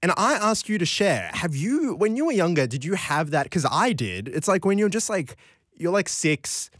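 A young man hosts late-night radio, reading out listener texts in loose, casual chat. He wanders into tangents and giggles, his pitch leaping all over the place. The studio sound is dry and close. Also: sing-song, normal speed, a bit bright, no room sound. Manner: rambling, giggly, jumps into tangents. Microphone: studio microphone.

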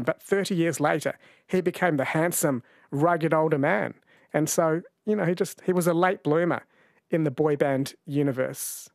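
A man's voice: a little high, no echo. A man of about forty, hosting a late-night radio talkback show in a chatty, storytelling way from a studio microphone. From New Zealand.

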